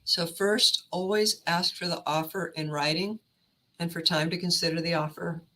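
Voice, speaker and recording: A woman career counselor giving a steady, instructive presentation on negotiating. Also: fairly low pitch, moderate pace, low-quality recording.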